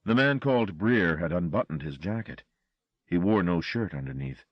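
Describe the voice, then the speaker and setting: Man, audiobook narrator, deep voice, lively inflection, dry close sound. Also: moderate pace, no room sound, lo-fi sound. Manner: dramatic, expressive reading. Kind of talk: scripted horror narration.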